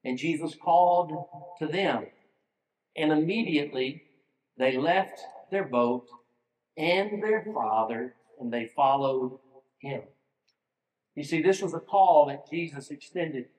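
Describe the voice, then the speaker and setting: High-voiced preacher in an echoey hall. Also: male voice, slow, pauses often, a little mellow. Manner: earnest, asks the listeners direct questions. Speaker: pastor. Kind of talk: sermon. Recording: echoey hall with long reverb.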